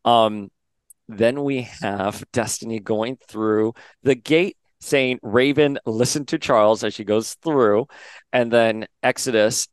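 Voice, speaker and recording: Smooth-voiced man recapping comics. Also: medium pitch, no echo. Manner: chatty, reads out character lines in quick paraphrase. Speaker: podcast host. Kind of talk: casual comic book recap.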